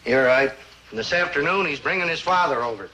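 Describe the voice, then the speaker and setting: A grumbling penny-pinching dad. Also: male voice, fairly high pitch, lively intonation, a little fast, sharp tone, a little hiss or hum, low-quality recording. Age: middle-aged. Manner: grumbling, sardonic. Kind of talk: 1950s sitcom acting.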